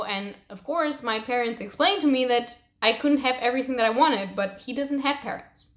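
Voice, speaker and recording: A young woman chatting casually about books she read, emotional and expressive, swearing now and then. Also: fairly high pitch, normal speed, hardly any pauses. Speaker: book reviewer. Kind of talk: casual book wrap-up chat. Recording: roomy echo.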